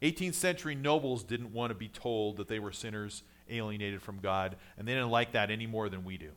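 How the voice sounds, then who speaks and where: A male pastor preaching a sermon in a conversational way, building to emphatic points and then dropping low and quiet. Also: a little fast.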